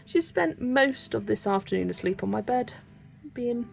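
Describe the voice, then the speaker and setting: A woman's voice: a little high, lively intonation, moderate pace, gravelly. A young woman from Wiltshire with a light West Country accent, chatting casually and reading comments aloud as she colours. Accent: West Country English, light. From Wiltshire, England. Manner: chatty, laughs often, reads chat aloud. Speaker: colouring channel host. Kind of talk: casual livestream chat while colouring.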